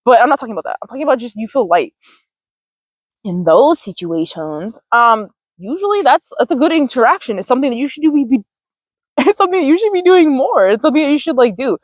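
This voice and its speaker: A woman's voice: sits high, animated, fast talker, dry recording. A woman hosting a podcast, talking in a casual, chatty monologue that is full of profanity and "like". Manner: chatty and profane, heavy use of "like". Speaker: podcast host.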